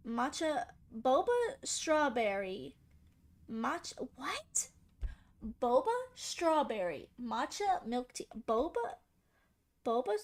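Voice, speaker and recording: A young woman with a high voice chats casually through a game, teasing and sassing the characters on screen. Her commentary is playful, quick to joke and quick to complain. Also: very animated. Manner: playful, sassy, talks back to game characters. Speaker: gaming channel host.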